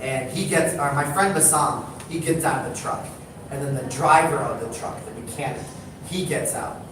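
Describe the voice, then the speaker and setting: A male speaker at a live talk tells a comic story with animated, rising energy. The sound is distant and very reverberant, as if heard from the back of a large hall. A steady background hiss sits under his voice. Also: normal speed. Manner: animated, building to excited high-pitched bursts. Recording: echoey hall, distant mic, noisy.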